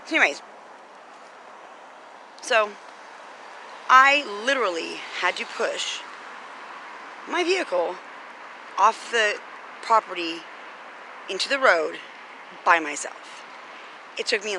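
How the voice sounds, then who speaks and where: A woman's voice: medium pitch, bright, forceful tone, a little hiss or hum, low-quality recording. An American woman vlogger telling a story in a chatty, indignant rant, full of fillers. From United States.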